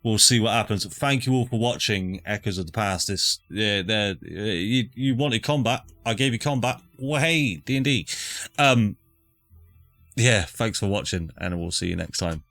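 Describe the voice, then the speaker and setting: Low-voiced game master. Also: male voice, moderate pace, a bit bright, dry recording. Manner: casual, chatty, self-correcting. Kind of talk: narrating a tabletop game.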